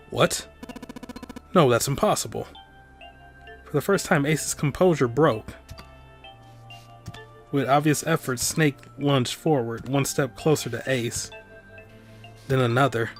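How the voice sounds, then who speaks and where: A man hosting a let's play, reading a visual novel's narration aloud in a steady, even tone. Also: medium pitch, slow, long pauses, faint music behind.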